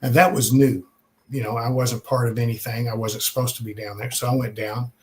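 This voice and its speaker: An older man from Texas tells long stories in a plain, everyday voice at a middle pitch. He talks in a loose, casual way, with many pauses and restarts. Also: little pitch movement, darkish tone. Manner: conversational, many "uh" and repeated starts. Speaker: guest telling stories. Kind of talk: casual storytelling.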